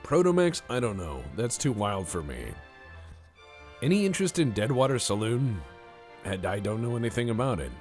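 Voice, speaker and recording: A man's voice: mid-range voice, sing-song, moderate pace, darkish tone, soft background music. A man streaming a naval strategy game, giving playful, rambling commentary with jokey asides to his chat. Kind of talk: casual live-stream commentary.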